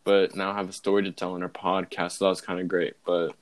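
A man's voice: low-pitched, level tone, quick pace. A young man hosting a casual podcast, telling a rambling story and laughing often. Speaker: podcast host. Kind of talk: casual chat.

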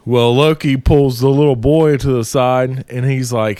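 A man casually retelling an old myth to a friend, swearing freely and getting animated. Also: medium pitch, unhurried, few pauses, clear, resonant tone, no room sound. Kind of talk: casual storytelling.

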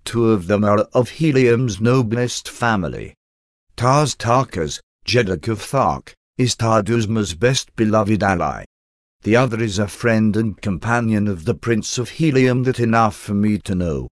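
A man's voice: lowish voice, a little slow, dry recording, studio quality, natural voice. Man reading as an earnest loyal officer. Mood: firm. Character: loyal male naval officer, earnest and pleading.

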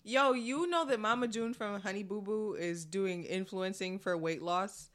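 Animated New York podcast co-host, slangy. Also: mid-range voice, measured pace, slight background noise. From Brooklyn, New York. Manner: animated storytelling, slangy and profane, laughs often. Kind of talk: casual podcast chat.

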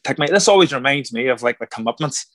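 An animated man telling a story as an interview guest, jumping into the voices of the people he quotes. His voice sits at an ordinary middle pitch. The sound is close and dry, with no room around it. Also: quick pace, dry recording. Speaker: guest, former boxer turned actor.

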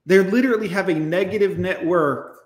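A man hosting a livestream pours out a blunt, profane rant. He talks straight to his viewers with hard emphasis. His voice sits a touch higher than most men's, and the room around him echoes. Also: a little fast. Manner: addresses viewers directly. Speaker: livestream host. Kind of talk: ranting livestream commentary.

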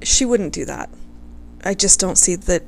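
A woman's voice: lowish voice, unhurried, vocal fry, a little hiss or hum. A woman casually telling a history story to her viewers, gushing over her subject, swearing freely and close to tears.

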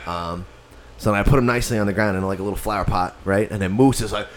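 A man's voice: lowish voice, fast, slight background noise. A man telling a story in casual chat, swearing freely and acting out the other people's lines. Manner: profane, animated storyteller who acts out other people's lines. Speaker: podcast co-host telling a story.

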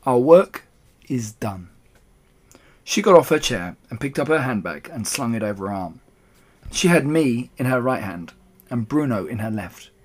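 A man narrating a children's storybook aloud in an expressive, animated way. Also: medium pitch, moderate pace. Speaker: audiobook reader.

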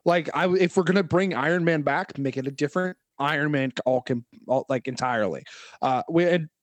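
A man with a slightly high voice co-hosting a podcast, enthusiastic and easily amused. His casual chat is full of restarts, recorded dry and close. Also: brisk, dry recording. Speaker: podcast co-host.

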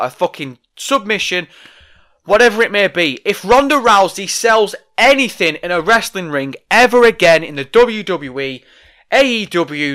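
A man's voice: high-pitched, sharp tone. A man delivering an angry, profane, sarcastic rant about wrestling. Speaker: wrestling commentator. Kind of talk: ranting monologue.

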